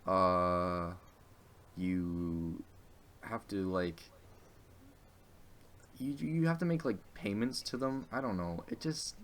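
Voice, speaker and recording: Young man, low voice, rambling, hesitant, swears a lot, casual podcast chat. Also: fairly bright tone, slight background noise. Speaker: podcast co-host.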